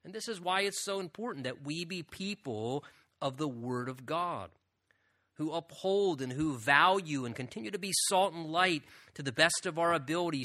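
Bright-voiced man preaching a sermon. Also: a little high. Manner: earnest preaching, often repeats "again" and "right?". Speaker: pastor.

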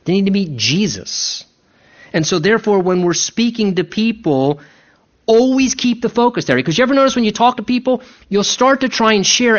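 Guy preaching a sermon, kinda high voice, emphatic, dull lo-fi sound. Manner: emphatic, animated preaching with mock-voiced asides. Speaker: pastor.

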